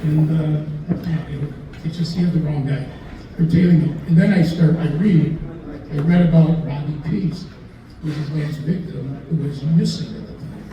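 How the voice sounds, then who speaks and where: A man's voice: fairly high pitch, steady tone, normal speed, highs cut off, a little hiss or hum. An older man, a lawyer, telling rambling stories at a dinner talk, chuckling and acting out the voices of the people in them. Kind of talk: anecdotal after-dinner storytelling. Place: dinner event in a restaurant room. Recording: distant, echoey room with faint ambience.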